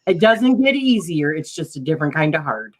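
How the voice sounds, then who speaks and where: A middle-aged woman hosts a relaxed video chat. Her voice sits low, and she talks in a chatty, teasing way. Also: a little fast. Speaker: host. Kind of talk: casual chat.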